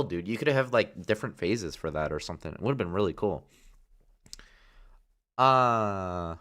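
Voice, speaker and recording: A man's voice: sits low, fairly bright tone. A young man reviewing community-made game levels on a livestream, talking in a laid-back, rambling way with lots of filler words. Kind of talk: casual livestream commentary.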